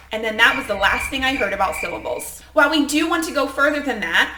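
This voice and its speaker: A woman's voice: on the high side, bright, forceful tone, roomy sound. A woman teacher giving an upbeat, explanatory online phonics lesson to other teachers.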